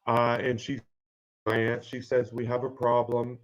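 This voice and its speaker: A man in his fifties telling a personal story in a halting, earnest way, with many pauses and fillers. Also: medium pitch, completely flat delivery, lo-fi sound. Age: 50s. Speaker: guest sharing his story.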